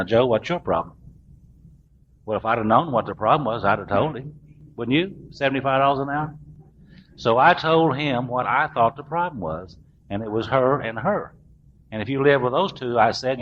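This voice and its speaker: A man's voice: mid-range voice, moderate pace. A middle-aged man, telling his recovery story to a meeting in a folksy, self-mocking way. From US South. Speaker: recovering alcoholic speaker. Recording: dull lo-fi recording, faint room hiss.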